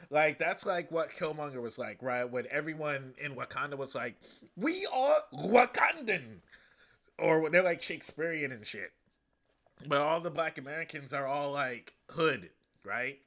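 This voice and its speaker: A man hosting a podcast, reviewing a movie in a loose, profane, animated way. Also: mid-range voice, normal speed. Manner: loose, profane and animated, acting out quoted lines. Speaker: podcast host. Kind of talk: casual comedic movie review.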